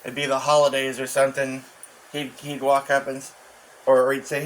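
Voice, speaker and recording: A man in a casual rambling monologue, profane and halting, full of restarts and fillers. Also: medium pitch, monotone, a bit bright, slight background noise, rough recording. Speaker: channel host.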